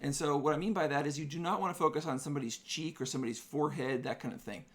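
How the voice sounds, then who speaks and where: A man's voice: fairly high pitch, rapid-fire. Chatty man explaining camera settings. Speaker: photographer hosting a live stream. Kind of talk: live-stream tutorial talk.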